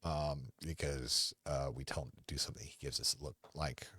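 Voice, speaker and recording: A man hosting a casual livestream from home into a desk microphone, rambling and halting, often talking fondly to his dog. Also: rumbling low, steady tone, pushed and bright, slightly rough, no room sound. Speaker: podcast host.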